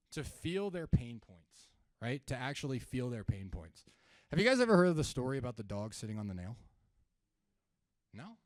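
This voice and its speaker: At a live seminar, a sales trainer with a medium-pitched voice coaches the audience conversationally, asking them questions and acting out calls with sellers. The recording is dry and studio quality.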